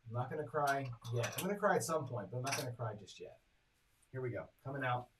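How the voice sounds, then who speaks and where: A man with a medium-pitched, animated voice talks fast, hosting a live craps stream where he calls each roll and adds up his bets out loud. He's chatty and speaks straight to his chat viewers. The audio is poor, with slight background noise.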